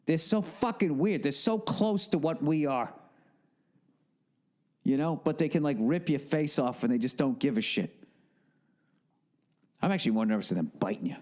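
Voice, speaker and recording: Animated ranting man, comedic monologue. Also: fairly high pitch, moderate pace, pauses often. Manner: animated ranting, heavy swearing, acted-out asides. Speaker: podcast host.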